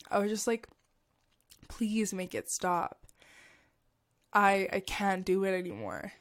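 Young woman podcaster, shaky emotional storytelling, lots of likes and ums. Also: medium pitch. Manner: emotional, halting, many fillers. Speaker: podcast host. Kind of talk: personal storytelling.

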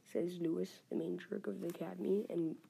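Woman reading a war story out loud, really creaky gravelly voice, stumbles and fixes words, faint hiss behind. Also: fairly low pitch, steady tone. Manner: halting, self-correcting reading. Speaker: story reader.

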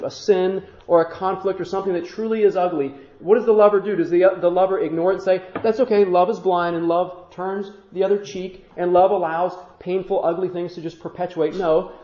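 A high-voiced man preaches a sermon, earnest and heartfelt, often voicing God's words in the first person. His voice rings through a roomy church sanctuary. The recording sounds dull and muffled. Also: darkish tone. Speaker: pastor.

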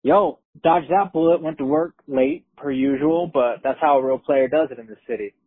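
A man's voice: on the high side, moderate pace, breathy edge, dry recording. A man from Brooklyn, casually telling a story in a profane, streetwise way. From Brooklyn, New York. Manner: profane, streetwise, animated retelling. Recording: tinny phone-line recording.

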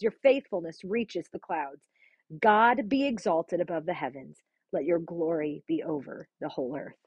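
A woman's voice: lowish voice, very animated, normal speed, a little mellow, husky, dry recording, muffled recording. A woman hosting a Bible reading podcast, reading scripture aloud and praying in an earnest, heartfelt way.

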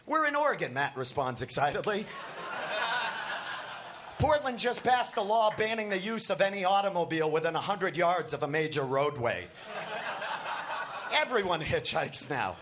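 A man voicing a crude, excited male punk rocker who talks loud and brash. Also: on the high side, moderate pace, long pauses, slight background noise. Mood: brash eager.

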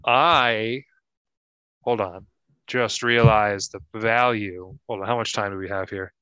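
A man's voice: fairly low pitch, steady tone, takes it slowly, bright, forceful tone, clear, resonant tone, no echo, lo-fi sound. A man co-hosting an improvised comedy podcast who stammers, restarts lines and sounds incredulous. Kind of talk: improvised comedy sketch banter.

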